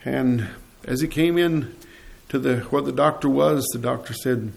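A male preacher delivering a sermon in earnest storytelling fashion, stopping now and then to clear his throat. His voice is gravelly and sits at a middle pitch. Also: measured pace.

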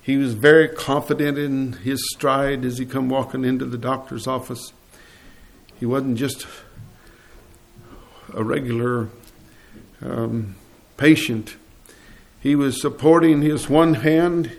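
A man preaching a sermon, telling a story earnestly and clearing his throat now and then. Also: medium pitch, steady tone, slow pace.

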